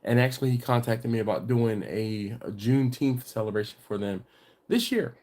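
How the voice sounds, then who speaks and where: A man's voice: mid-range voice, animated, normal speed, darkish tone. A middle-aged man with a congested voice, hosting a barbecue channel's live stream in a casual, rambling way with many fillers and restarts.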